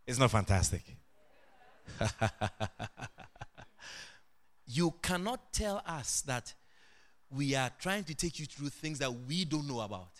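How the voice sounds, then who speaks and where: A middle-aged man preaching a sermon as pastor, animated, with sudden shouted and sing-song rises. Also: mid-range voice, normal speed.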